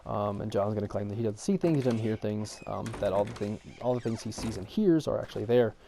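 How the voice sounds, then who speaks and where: A man narrates a gameplay tutorial in a low, gravelly voice with a dark, mellow tone. He rattles through the steps quickly and rambles, with many ums along the way. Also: a little hiss or hum. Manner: rambling, filler-heavy explanation with frequent ums; raises his voice to talk over in-game music. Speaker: game walkthrough guide. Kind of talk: casual gameplay tutorial commentary.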